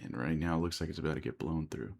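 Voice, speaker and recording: Casting: American man, very low gravelly voice, live-stream trading commentary, chatty and repetitive. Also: fast, darkish tone. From United States. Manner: thinks aloud, repeats words, reads chat questions. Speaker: day trader streaming live.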